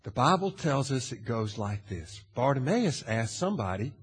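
A male pastor preaching a sermon in a dramatic way, asking the audience questions and swinging from hushed to loud. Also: mid-range voice, big pitch swings, normal speed, hardly any pauses, husky. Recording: long hall reverb.

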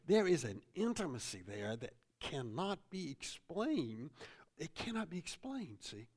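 A middle-aged man preaching a sermon as pastor in a church, repeating phrases and ending points with "see?". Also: a little high.

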